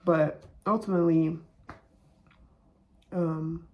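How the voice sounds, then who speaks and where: Woman, card reader; slow, gravelly, halting delivery. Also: low voice, fairly even intonation, lo-fi sound. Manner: soft, halting, many fillers. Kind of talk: reflective spiritual monologue.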